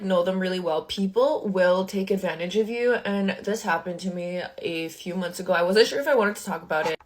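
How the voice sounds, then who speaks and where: A young adult woman who creates social media content tells a casual storytime from her bedroom makeup table. Her medium-pitched voice is chatty and packed with "like," with indignant asides.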